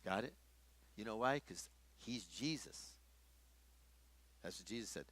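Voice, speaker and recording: A man's voice: on the low side, expressive, unhurried, fairly bright tone. A middle-aged man teaching a workshop in a conversational sermon style, often restarting his sentences. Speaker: workshop speaker.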